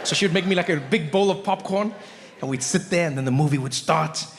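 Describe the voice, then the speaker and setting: A man doing stand-up comedy on stage, an animated storyteller who acts out voices. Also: a little high, fairly quick. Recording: live hall reverb, faint noise.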